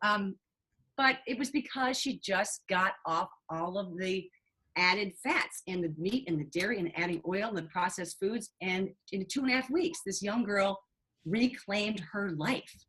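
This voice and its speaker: A middle-aged woman nurse, a guest, telling a story in an animated, chatty way. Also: mid-range voice, unhurried, husky, low-quality recording. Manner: animated, chatty, with fillers and restarts. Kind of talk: casual storytelling in a conversation.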